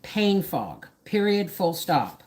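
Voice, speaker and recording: Over background noise, a middle-aged woman talks slowly in a lowish, sing-song voice. She's running a casual homestead livestream from her kitchen at home, rambling and drifting between subjects.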